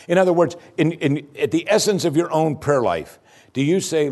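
A male pastor preaching with lively, swinging pitch. He fires off questions one after another, then drops to a low, quiet voice to drive a point home. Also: normal speed. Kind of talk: sermon.

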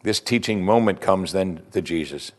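A man's voice: low voice, moderate pace. A male pastor preaching a sermon, retelling scripture in casual everyday speech and addressing the congregation directly. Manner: conversational preaching, paraphrasing scripture in plain speech.

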